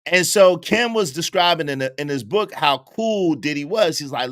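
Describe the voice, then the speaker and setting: A man hosting casual commentary, recapping a book and acting out the people in it with lively storytelling. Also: on the high side, normal speed, hardly any pauses. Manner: animated storytelling, acting out quoted voices. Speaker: host.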